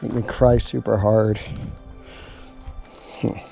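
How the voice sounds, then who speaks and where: An outdoor cooking vlogger chats casually while cooking at a camp spot, jokey and muttering to himself as he works. His voice sits on the low side with little pitch movement, slow, creaky and warm. Faint music plays behind him.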